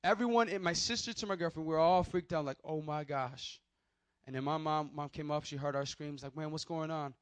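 A man who is a pastor, telling a personal testimony as a sermon in an animated storytelling way and calling out to his listeners. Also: fairly high pitch, brisk, smooth, no room sound. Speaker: youth pastor.

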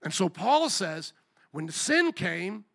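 Middle-aged pastor guy preaching, high bright voice, really animated, does little voices for quotes. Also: slow, creaky. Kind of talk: sermon.

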